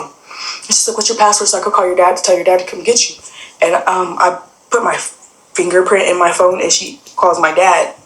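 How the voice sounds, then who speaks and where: A young adult woman with a somewhat low voice tells a personal story in a loose, rambling way, leaning on fillers and acting out quoted conversations. The recording carries a noticeable roomy echo. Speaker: guest sharing a personal story.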